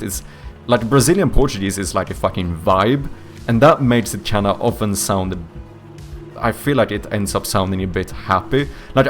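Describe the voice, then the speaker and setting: A young man whose first language is Swedish, speaking English with a light Swedish accent, chatting casually with viewers on a live stream, rambling, searching for words and swearing now and then. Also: lowish voice. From Sweden. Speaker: streamer and indie game developer.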